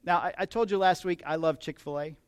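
A male pastor with a fairly high voice gives a relaxed, chatty sermon. He talks with humor and keeps turning to his listeners with questions. The sound is dry and close. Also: fairly quick, clean tone, dry recording. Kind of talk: conversational sermon.

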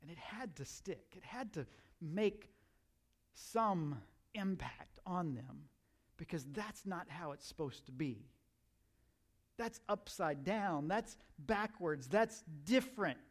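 A male pastor giving a conversational sermon, asking his listeners questions and slipping into quiet asides. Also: high-pitched, lively intonation, a little slow. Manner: conversational, asks the audience questions, drops to asides.

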